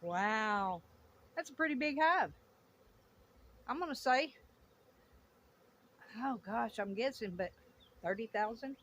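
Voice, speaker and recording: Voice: medium pitch, lively intonation, takes it slowly, long pauses, a bit bright, slight background noise. A beekeeper in a casual vlog, talking outdoors and exclaiming in awe while watching a swarm. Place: outdoors by a greenhouse. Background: buzzing bees.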